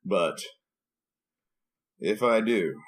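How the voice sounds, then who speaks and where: A man co-hosting a podcast, telling a story in a playful, animated way and acting out the dialogue. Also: fairly low pitch, drawn-out words, slightly rough. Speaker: podcast co-host, preacher. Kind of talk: casual storytelling chat.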